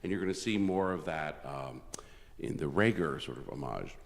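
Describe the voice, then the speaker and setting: A man's voice: very deep voice, animated, normal speed, creaky. A man from Canada, a concert organist, giving a chatty, self-deprecating spoken introduction with frequent restarts. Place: large church. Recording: long church reverb.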